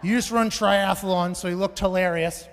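A man in his thirties doing a stand-up comedy set, telling stories loudly with profane, shouted bursts. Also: sits high, steady tone, normal speed. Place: large venue on stage. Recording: live hall with long reverb.

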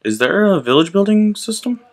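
A young man hosting his gaming channel, chatting casually and reacting out loud to the game as he plays. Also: sits high, very animated, fairly quick. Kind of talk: casual gameplay commentary.

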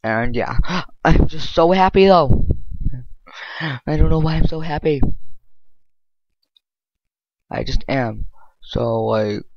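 A man giving casual, excitable game commentary, rambling with lots of filler words. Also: fairly high pitch, slow pace, pauses often, no room sound. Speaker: gameplay commentator. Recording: dull lo-fi dry mic.

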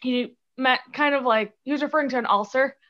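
A woman's voice: high-pitched, brisk, a bit bright, muffled recording. A young woman from Chicago, a guest on a podcast, chatting casually and giggling, with many "like"s and "um"s. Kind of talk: casual interview chat.

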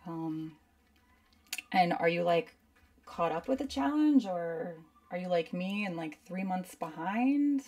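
A woman's voice: on the low side, expressive, takes it slowly, warm tone, recorded from a distance. A woman instructor chatting casually through a live painting demo, rambling and saying "like" a lot. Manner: chatty, rambling, uses lots of "like". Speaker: art instructor.

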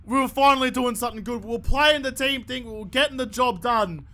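A man commentating his own gameplay, swearing and ranting excitably at the game. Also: very high-pitched, a little fast. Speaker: gaming YouTuber.

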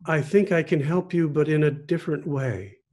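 A man voicing a calm, gentle bamboo tree. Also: fairly high pitch, moderate pace, natural voice.

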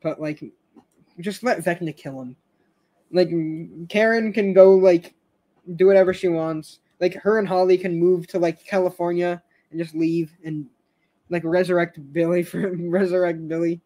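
A man's voice: high voice, fairly even intonation, moderate pace, dark tone. A young man hosting a casual fan stream, rambling with frequent stammers, restarts and laughs. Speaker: show fan host.

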